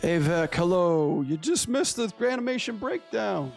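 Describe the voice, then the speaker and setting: A man who animates and streams, chatting casually with his viewers in a relaxed, slangy way over faint guitar music. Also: sits high, unhurried, vocal fry. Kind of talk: casual livestream chat.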